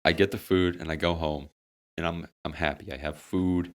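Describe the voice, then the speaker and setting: This is a deep-voiced young man at a moderate pace, co-hosting a relaxed podcast among friends. His funny story is packed with swearing and told with lively, dramatic comic energy.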